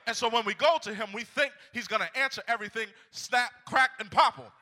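A man's voice: extremely high pitch, fairly quick, pushed and bright. A man preaching a fervent sermon to a congregation, repeating his phrases and calling out to them. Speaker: pastor. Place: church sanctuary. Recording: long reverb of a large hall.

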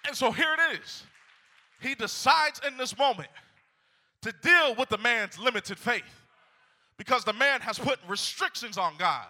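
A man's voice: very high-pitched, lively intonation, measured pace, pushed and bright. A man preaching a fervent sermon to a congregation, repeating his phrases and calling out to them. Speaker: pastor. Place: church sanctuary. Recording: long reverb of a large hall.

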